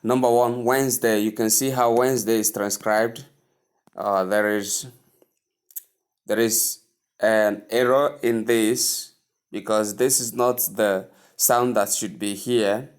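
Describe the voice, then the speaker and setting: A man teaching English pronunciation, repeating each word slowly and asking the listener to say it after him. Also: on the low side, steady tone, smooth. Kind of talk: slow, deliberate spoken lesson.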